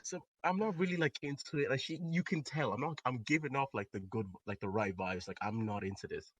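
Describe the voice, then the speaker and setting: A young man telling a story in a casual podcast chat, animated and swearing, with loud outbursts. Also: mid-range voice, a little fast. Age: young adult. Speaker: podcast co-host.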